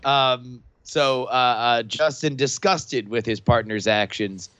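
A man playing a tabletop game who recaps the story so far with many halting fillers. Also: medium pitch, a bit bright, dry recording. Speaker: player.

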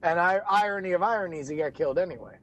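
A man doing comedic improv, firing off jokey questions in quick banter. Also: high voice, fairly bright tone. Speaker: improv player.

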